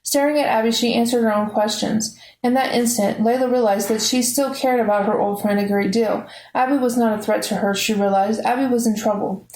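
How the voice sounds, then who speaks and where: A woman reading a novel aloud in a steady, measured way. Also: medium pitch, reverberant, poor audio. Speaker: audiobook reader.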